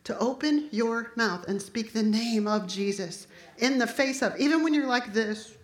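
A woman preaching a sermon, impassioned and building to forceful declarations. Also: fairly high pitch, moderate pace, reverberant.

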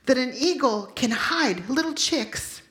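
A woman in her fifties preaches and tells her own testimony, her voice pitched a bit high. She gets emotional and acts out her prayers loudly for the room. The sound rings around a roomy, echoing space. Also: lively intonation, a little slow. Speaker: speaker at a Christian gathering. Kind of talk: sermon with personal testimony. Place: room full of listeners.

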